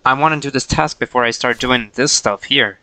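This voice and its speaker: A man's voice: medium pitch, a little fast, sharp tone, dry recording, low-quality recording. A man casually chatting to himself while streaming a game, playful and chuckling.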